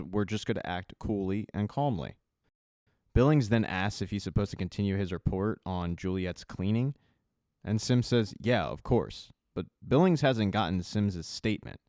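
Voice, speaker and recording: A man narrating a casual recap of a TV season, telling the plot in a conversational way with quick asides. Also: lowish voice, a little mellow, no echo, studio quality. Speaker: recap host.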